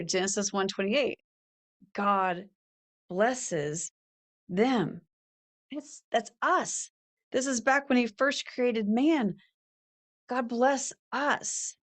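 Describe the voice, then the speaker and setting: Earnest middle-aged woman, faith podcast host, slow and deliberate, reflective delivery. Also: mid-range voice. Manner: earnest, preacherly, reads scripture aloud. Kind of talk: faith-based motivational talk.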